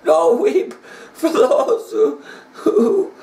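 A man preaching a dramatic sermon, retelling the story with passion and swinging from hushed tones to shouting. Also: extremely high pitch, expressive, very slow. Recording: echoey room.

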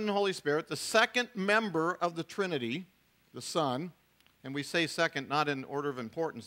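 A man's voice: on the high side, bright, forceful tone. A middle-aged man, a pastor, preaching a sermon in a conversational way, with frequent restarts and asides to the congregation.

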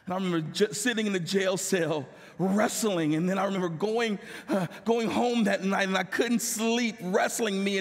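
High-voiced, gravelly tearful preacher man. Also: normal speed, few pauses. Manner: emotional, tearful testimony building to impassioned pleas. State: crying. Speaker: pastor. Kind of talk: sermon with personal testimony. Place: church sanctuary. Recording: long hall reverb.

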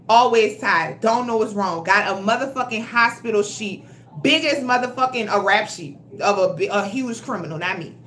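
A woman, telling her story to viewers in a casual, profane, animated way on a phone livestream. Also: a little high. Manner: blunt, profane and animated, talking straight to viewers. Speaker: health vlogger. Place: at home.

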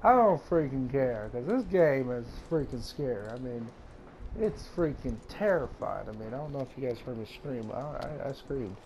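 A young man playing a horror game and talking through it, jumpy and excitable, with frequent swearing. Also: mid-range voice, moderate pace, background noise. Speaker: gaming YouTuber.

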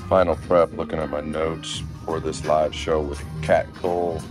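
A man's voice: extremely low pitch, little pitch movement, moderate pace, roomy sound, over music. A man vlogging upbeat to camera as a podcast host, enthusiastic about the day ahead. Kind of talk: vlog talking to camera.

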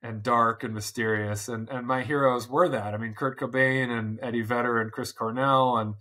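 A man's voice: mid-range voice, steady tone, moderate pace, pushed and bright. A man in his forties, a podcast guest, talking thoughtfully and earnestly with frequent restarts. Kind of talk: reflective interview talk.

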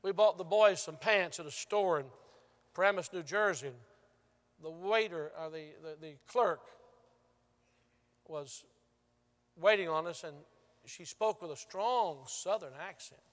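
A male pastor preaching a sermon, telling stories and moving from loud to hushed. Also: sits high, measured pace, pauses often. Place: large church sanctuary. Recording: long church reverb.

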